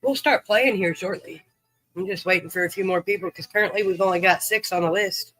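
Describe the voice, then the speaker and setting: A man's voice: high-pitched, a little fast, bright, forceful tone, dry recording, soft background music, low-quality recording. A man hosting a livestream, chatting easily with viewers and greeting them by name. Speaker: livestream host. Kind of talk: casual chat with viewers.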